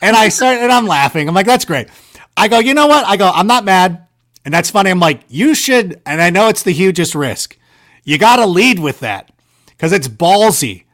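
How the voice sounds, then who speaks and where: A man casually telling stories on a podcast, animated and self-deprecating, filling his talk with "like" and "you know". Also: sits high. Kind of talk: casual storytelling chat.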